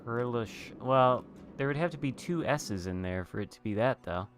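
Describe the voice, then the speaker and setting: A man's voice: medium pitch, animated, normal speed, soft background music. A man giving casual commentary over a video game, chatting and muttering asides to himself as he plays. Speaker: gaming video host.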